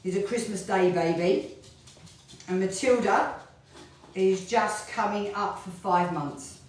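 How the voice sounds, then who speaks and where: A middle-aged fitness instructor chats ramblingly while hula hooping in her home studio. Her voice is medium-pitched and slow, sounding distant in a very echoey room with slight background noise.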